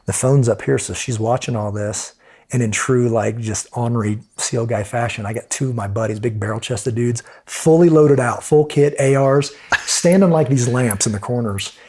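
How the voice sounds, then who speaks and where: A middle-aged American man and podcast guest telling lively stories in conversation, acting out the voices of the people in them. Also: mid-range voice, moderate pace, slightly rough. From United States. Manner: animated storyteller who acts out quoted voices. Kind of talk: storytelling in conversation.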